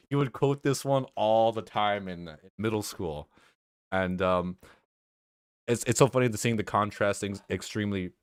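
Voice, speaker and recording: A man's voice: on the low side, clean tone, no echo, studio quality. A man hosting a livestream reaction chat, rambling and hedging with easy laughs. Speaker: stream host.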